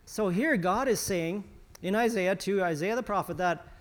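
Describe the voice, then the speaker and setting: A man's voice: sits high, moderate pace. A man preaching a conversational sermon as pastor, with frequent restarts and some sarcasm.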